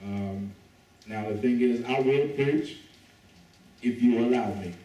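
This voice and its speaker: A man preaching as a guest in church, relaxed and joking, calling on the congregation to answer back. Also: medium pitch, slow pace, lo-fi sound. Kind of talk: sermon with call and response. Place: church sanctuary. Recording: echoey church heard from a distance.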